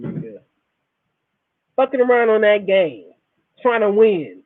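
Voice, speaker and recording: A man in his thirties talking in a casual monologue, animated and repetitive, full of swearing and rhetorical questions. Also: high voice, slow. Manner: animated, repetitive, profane storytelling. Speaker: podcast host. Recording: tinny phone-like recording.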